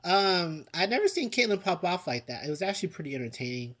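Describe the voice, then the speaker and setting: A man's voice: sits high, sing-song, fast, a bit bright. A man giving a chatty TV review in a casual vlog, with dramatic reactions and frequent laughs. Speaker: TV show reviewer.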